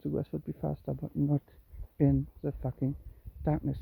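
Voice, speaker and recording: A cat owner filming a kitten walk on a handheld phone outdoors at dusk, coaxing the kitten with calls and high meows. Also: moderate pace, creaky, breathy edge, no echo. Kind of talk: casual narration while walking. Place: outdoors in woods and grass at dusk. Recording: tinny phone-like sound.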